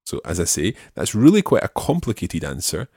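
A man with a very low voice teaches French phrases and repeats each one slowly. The sound is dry and close. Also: huge pitch swings, gravelly, a little mellow, breathy edge, no echo. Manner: slow careful repetition of phrases. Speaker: language teacher.

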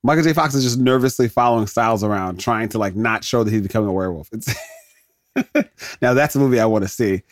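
A man riffs through a solo movie commentary on a close podcast mic, rambling, laughing and breaking off his own sentences. His voice sits at a middle pitch, and the sound is completely dry. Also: fast, no echo. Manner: rambling, laughing, self-interrupting. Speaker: podcast host.

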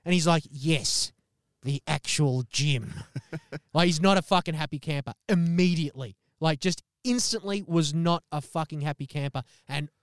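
A man's voice: fairly high pitch, normal speed, clean tone, no echo, studio quality. A young man co-hosting a podcast, telling a story in casual chat, swearing often and acting out quotes. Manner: swears constantly, animated retelling with acted quotes. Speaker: podcast co-host.

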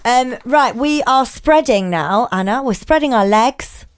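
Woman, fairly high voice, giggly, animated, casual podcast chat. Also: a little slow, clear, resonant tone. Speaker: podcast co-host. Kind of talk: casual chat, reading a listener letter.

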